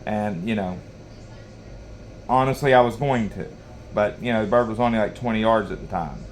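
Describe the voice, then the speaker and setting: A man's voice: on the low side, normal speed, a little hiss or hum. A man telling a long hunting story in a rambling, folksy way, full of restarts. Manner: rambling, folksy, lots of you-knows and restarts. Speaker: knife sharpening channel host. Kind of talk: casual storytelling while sharpening.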